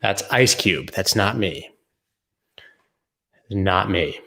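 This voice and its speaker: A man with a low, gravelly voice and a bright edge hosts a loose, jokey livestream. He riffs on viewer comments in a casual, offhand way. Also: expressive, drawn-out words, long pauses. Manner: joking, riffing, answering viewer comments. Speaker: host.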